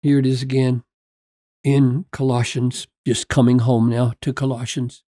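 An earnest preacher delivers a sermon in a slow, unhurried cadence, reading scripture and unpacking it point by point. The voice is mellow and dark, and the recording is dry and close, with no room sound. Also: medium pitch, little pitch movement, no room sound. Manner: earnest, emphatic preaching with rhetorical questions; reads scripture aloud and explains it point by point.

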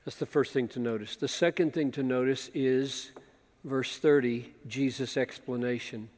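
A man preaching an expository sermon, emphatic, with rhetorical questions, often dropping to a hush. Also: medium pitch, fairly even intonation, moderate pace. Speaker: pastor. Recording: long reverb of a large hall.

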